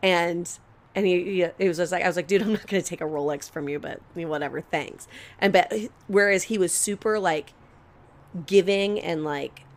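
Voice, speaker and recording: A woman's voice: lowish voice, normal speed. A young adult woman co-hosting a podcast, telling a long story in casual chat, acting out quotes and swearing freely. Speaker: podcast co-host.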